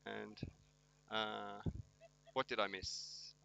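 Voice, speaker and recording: A man calls a local football game with a very bright, forceful voice. He pokes fun at himself and his co-host in a wry, self-mocking way while following the play. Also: lowish voice, steady tone, moderate pace, gravelly, poor audio. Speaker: match commentator. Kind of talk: joking amateur sports commentary.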